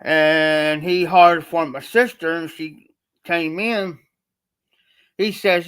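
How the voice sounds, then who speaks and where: A man from Ohio rambles through a personal story on his livestream, repeating himself in a loose, colloquial style. His voice sits a little high for a man. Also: steady tone, slow, long pauses, a bit bright, clear, resonant tone. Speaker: livestream host.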